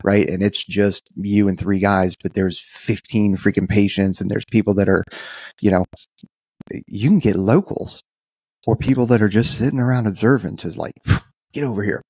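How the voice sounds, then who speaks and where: A man's voice: fairly low pitch, steady tone, normal speed, darkish tone, slightly rough, no echo. A man co-hosting a podcast, talking casually in a rambling way with frequent restarts.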